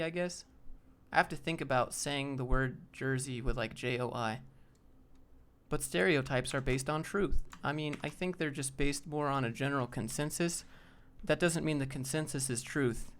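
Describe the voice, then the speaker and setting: A man's voice: medium pitch, normal speed, a bit bright. A young man hosting a casual live stream, thinking aloud as he browses job listings and answers viewers.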